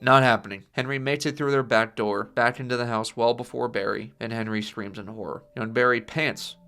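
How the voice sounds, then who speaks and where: A man reading a scripted story pitch in a steady, descriptive narration. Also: moderate pace, smooth, soft background music. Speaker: channel host.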